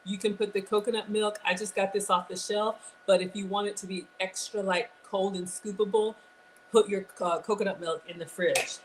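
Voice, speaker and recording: A woman's voice: medium pitch, steady tone, moderate pace, slight background noise, rough recording. A woman, chatting casually to viewers as she runs a live cooking demo. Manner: chatty, talks straight to viewers. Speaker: cooking live-stream host.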